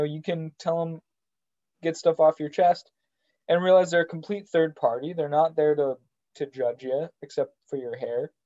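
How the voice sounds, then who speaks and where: A man co-hosting a podcast in casual chat, joking and halting with frequent restarts. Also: on the high side, warm tone. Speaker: podcast co-host. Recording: dull lo-fi sound.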